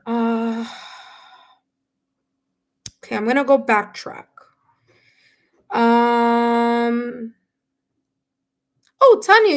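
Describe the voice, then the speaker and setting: A woman reading tarot live for her viewers, talking warmly and emotionally, with many fillers and restarts. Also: on the high side. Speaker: tarot reader and medium. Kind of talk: live-stream reading, casual chat with viewers.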